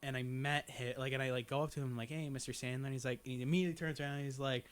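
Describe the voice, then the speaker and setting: A young man spills a story at high speed, his speech packed with "like" fillers and casual curses. His pitch sits in an ordinary middle range. The whole thing is relaxed podcast chatter. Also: rapid-fire, clean tone. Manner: rambling, lots of "like", swears freely. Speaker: podcast guest.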